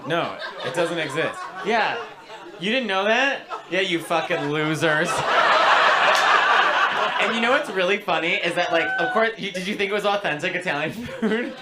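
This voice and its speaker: A man doing stand-up crowd work in a comedy club, animated and swearing, slipping into other accents and foreign phrases. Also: sits high, moderate pace, very noisy.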